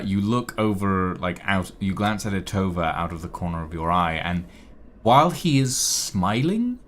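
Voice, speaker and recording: A man's voice: low voice, fairly bright tone, slight background noise. A man narrating a tabletop game as game master, hesitant and full of fillers.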